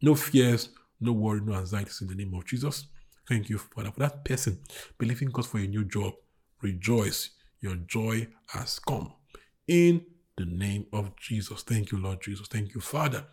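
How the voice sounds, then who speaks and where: A man preaching a sermon, repeating bold declarations and then praying more softly. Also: fairly low pitch, normal speed, slightly rough. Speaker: pastor. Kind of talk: sermon and prayer.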